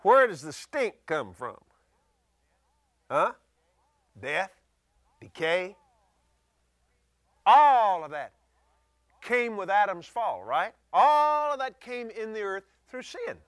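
A male preacher giving a folksy sermon, chuckling often and rising into shouts. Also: high-pitched, big pitch swings, slow, pauses often, dry recording, studio quality.

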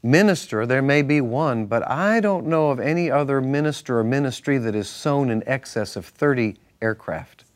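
A man's voice: medium pitch, expressive, normal speed, few pauses. A male minister teaching from the Bible on a Christian talk show, emphatic and repetitive in a preacherly way.

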